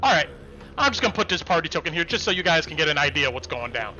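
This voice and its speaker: Brief: high, animated male game master, casual and halting, lo-fi sound. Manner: casual, with many fillers and restarts, animated narration. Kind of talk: narrating a tabletop game on a live stream. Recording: dull lo-fi stream audio with faint music.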